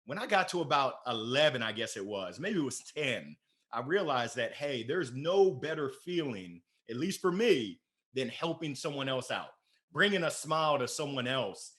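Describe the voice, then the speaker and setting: A man from Maryland, a podcast guest, telling stories in a playful, energetic, animated way. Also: mid-range voice, moderate pace. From Maryland, USA. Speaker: podcast guest, sales director. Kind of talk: casual interview storytelling.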